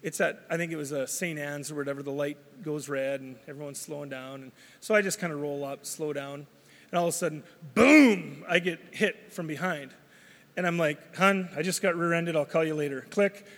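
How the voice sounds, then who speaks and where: Male pastor, slightly high voice, chatty storytelling sermon, hall echo. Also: moderate pace. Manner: storytelling, conversational, many restarts.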